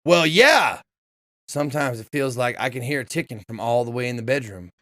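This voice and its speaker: A man playing through a game and chatting casually, reading lines aloud, swearing often and yelling when annoyed. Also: medium pitch, a little fast, no room sound, clean studio sound. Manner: animated, swears often, yells in frustration. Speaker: let's play streamer.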